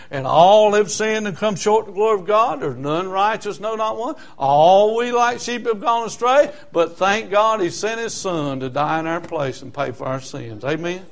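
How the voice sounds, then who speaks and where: Older man, high-pitched preacher, emphatic delivery that swings from loud outbursts to quiet asides. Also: creaky. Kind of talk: sermon.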